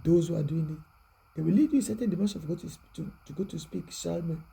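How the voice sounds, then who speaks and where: A preacher giving a prayerful, repetitive exhortation, often dropping to a hushed voice. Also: mid-range voice, fast, gravelly, breathy edge, poor audio.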